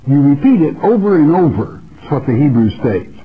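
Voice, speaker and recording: A man's voice: a little high, sing-song, brisk, narrow, tinny audio. A man teaching the Bible verse by verse on a radio broadcast, earnest and repetitive, calling the listener his friend. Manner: earnest, repeats phrases, addresses listener as friend. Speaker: preacher.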